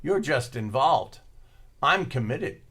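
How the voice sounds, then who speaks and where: A man's voice: mid-range voice, animated, slow pace, fairly bright tone, husky, exaggerated voice. A man voicing a pig in a joke, delivering a dry, knowing retort. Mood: wry. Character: wry farmyard pig in a joke.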